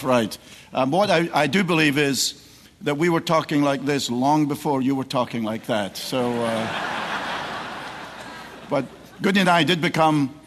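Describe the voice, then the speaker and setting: A middle-aged man from Scotland with a Scottish accent, a guest preacher giving a sermon that moves from joking asides to emphatic preaching. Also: mid-range voice. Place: large church sanctuary. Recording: long church hall reverb.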